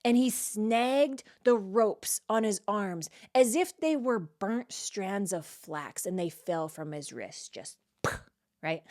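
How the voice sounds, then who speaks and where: A woman leads a relaxed, verse-by-verse Bible study in a chatty, conversational way. She reads a passage, then stops to react and unpack it in plain everyday language, tossing in "like" and "right?" as she talks to her listeners. Her voice sits at an ordinary middle pitch. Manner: frequent "like" and "right?" checks with the listener. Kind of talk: casual verse-by-verse Bible teaching.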